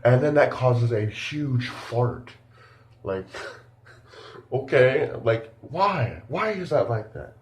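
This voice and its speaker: A man's voice: medium pitch, lively intonation, slow pace, reverberant. A man giving a casual spoken film review, rambling and incredulous, full of fillers.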